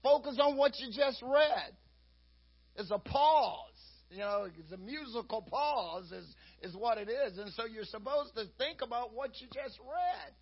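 Man preaching in a church, high husky voice, chatty folksy sermon, muffled lo-fi sound. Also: expressive, unhurried. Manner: folksy, conversational, repeats "you know". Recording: dull lo-fi recording.

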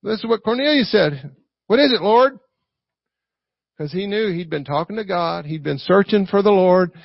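A man with a Southern US accent preaching a lively sermon, acting out quotes and asking the congregation for responses. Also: sits high, a little fast, creaky, no room sound. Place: church. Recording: dry, dull lo-fi recording.

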